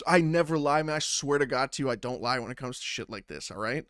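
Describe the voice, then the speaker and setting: A man telling a story in a casual, profane and animated way, acting out both sides of the conversations himself. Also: mid-range voice, fast talker, few pauses, no room sound, clean studio sound. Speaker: battle rapper.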